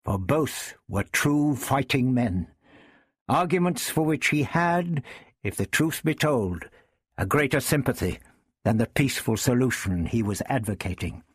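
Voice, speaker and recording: A man reading a historical novel aloud in an expressive storytelling manner. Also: mid-range voice, unhurried, slightly rough, no echo, clean studio sound. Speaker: narrator.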